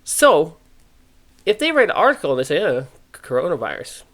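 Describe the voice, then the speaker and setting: Animated ranting male podcast host. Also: high voice, fairly quick. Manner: animated, ranting, acts out quoted voices. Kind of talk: casual podcast opinion talk.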